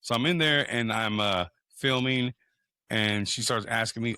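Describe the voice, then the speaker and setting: Guy rambling a story on a podcast, cussing a lot, lowish voice but bright, dry mic. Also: a little fast, no room sound. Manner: animated, profane, acts out quoted people. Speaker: podcast co-host. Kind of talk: casual storytelling chat.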